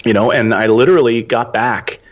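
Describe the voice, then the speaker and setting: A man in his forties telling a story as a podcast guest, animated and acting out the dialogue. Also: medium pitch, brisk. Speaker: podcast guest, real estate investor. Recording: dull lo-fi audio.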